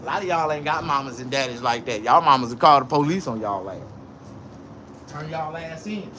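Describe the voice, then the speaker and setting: A man's voice: on the high side, animated, fairly quick, noisy background. Boisterous, profane man telling stories. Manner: loud, profane, boisterous banter. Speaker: vlogger. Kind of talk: casual livestream storytelling.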